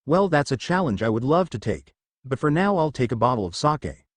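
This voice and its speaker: A man's voice: medium pitch, very animated, a little fast, dry recording. Man reading as a brash hard-drinking kunoichi. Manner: cocky, brash. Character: bold hard-drinking young kunoichi woman.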